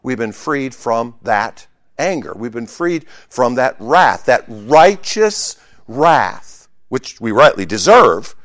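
A man preaching a sermon, emphatic and conversational, swinging between loud exclamations and hushed asides, with humorous remarks to the congregation. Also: medium pitch, very animated, slow, no echo, clean studio sound. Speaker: pastor.

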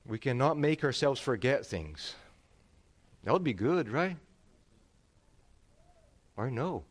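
A middle-aged male pastor preaching a sermon, emphatic and animated, often restarting his words. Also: medium pitch, slow pace.

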